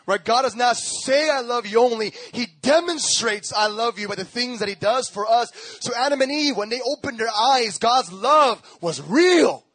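Animated young male preacher, high voice, dry close sound, playful storytelling. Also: dry recording. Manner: animated, acts out voices, laughs often; repetitive rhythmic emphasis. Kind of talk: lively sermon with storytelling.

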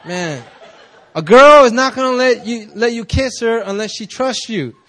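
A young man preaching at a prayer meeting, telling stories in a loose, conversational way, often laughing and jumping up in excitement. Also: very high voice, normal speed, a faint crowd, slight background noise. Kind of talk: casual sermon with storytelling.

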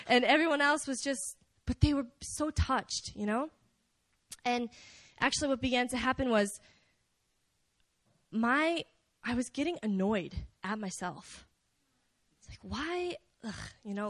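A young woman giving a casual, story-driven talk at a church prayer meeting, chatty and animated, with many fillers. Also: a little high, no echo. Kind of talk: conversational sermon.

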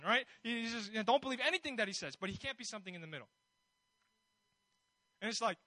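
Guy preaching, really high voice, dry close sound, keeps asking the crowd questions. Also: quick pace, pauses often, pushed and bright, dry recording, rough recording. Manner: conversational, bold preaching with rhetorical questions. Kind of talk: sermon.

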